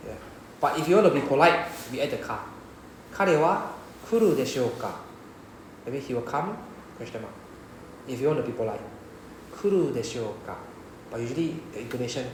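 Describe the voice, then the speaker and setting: A man's voice: mid-range voice, expressive, brisk, long pauses, echoey room, slight background noise, rough recording. A man with a Singaporean English accent teaching a Japanese class, often checking with "right?". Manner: repeats "right?" to check understanding. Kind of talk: classroom lesson explanation.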